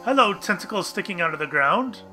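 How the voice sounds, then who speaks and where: A man's voice: sits high, animated, fairly quick, music in the background. A young man casually commenting on a game for viewers, chatty and bemused, reading on-screen text aloud. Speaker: let's play gamer.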